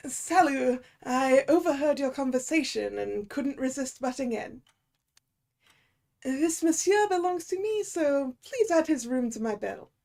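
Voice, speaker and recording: A woman acts out a young male lawyer from a game with a thick put-on French accent, swaggering and sure of himself. His voice is pitched high and gravelly, with a bit of rasp at the edges. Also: expressive, a little slow, a little mellow, exaggerated voice. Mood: smug. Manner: showy, self-assured.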